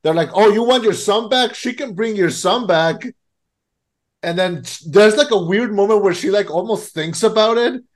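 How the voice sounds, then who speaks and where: Male podcast co-host, slightly high voice, easygoing explainer. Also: moderate pace. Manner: relaxed, filler-heavy explaining. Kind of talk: casual chat.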